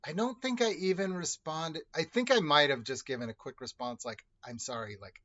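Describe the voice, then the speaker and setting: A man's voice: a little high, sing-song, fairly quick, fairly bright tone, dull audio. Man rambling through a casual story. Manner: rambling, self-correcting, conversational. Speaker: video host telling personal stories.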